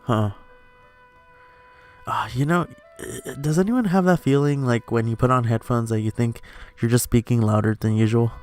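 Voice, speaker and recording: A man's voice: mid-range voice, moderate pace, a little mellow, soft background music. A young man casually chatting over a game as host, rambling with many fillers and laughs, recorded at home. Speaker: let's play host. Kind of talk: casual gaming commentary. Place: home room.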